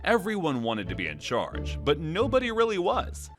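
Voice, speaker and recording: A man's voice: fairly high pitch, huge pitch swings, normal speed. A man telling history in a scripted, jokey comedic narration full of puns. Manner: jokey, punning, playful. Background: background music.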